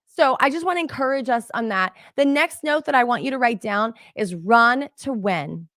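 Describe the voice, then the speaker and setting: Animated, chatty middle-aged woman coach. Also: high voice, a little fast, hardly any pauses, no room sound, studio quality. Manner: animated, chatty, addresses audience as "you guys". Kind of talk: motivational teaching talk.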